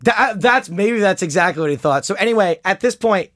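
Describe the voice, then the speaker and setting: A man's voice: high voice, fairly quick, no echo, clean studio sound. A man in casual chat, telling a poker hand story with lots of fillers and restarts. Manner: animated storytelling, mocks an opponent's angry chat.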